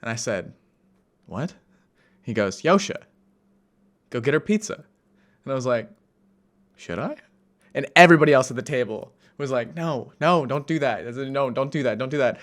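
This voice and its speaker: A man's voice: mid-range voice, lively intonation, normal speed, long pauses. A young man from the United States telling a story in a casual, rambling way, with many fillers and restarts and a self-amused tone. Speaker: vlogger.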